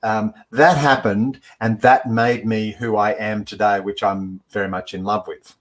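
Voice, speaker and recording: A man's voice: lowish voice, level tone, unhurried. A man hosting a casual live-stream interview, chatty and rambling with many fillers. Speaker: show host.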